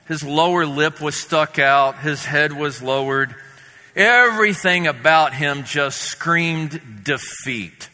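Slow, bright-voiced preacher telling a story. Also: male voice, a little high. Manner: measured, vivid storytelling. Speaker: pastor. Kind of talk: sermon storytelling. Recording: long reverb in a hall.

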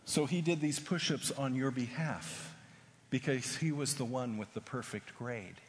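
A man's voice: medium pitch, unhurried, big-room sound, a little hiss or hum, close to an everyday voice. A man voicing an earnest college professor. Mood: solemn. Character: earnest male college professor teaching a lesson.

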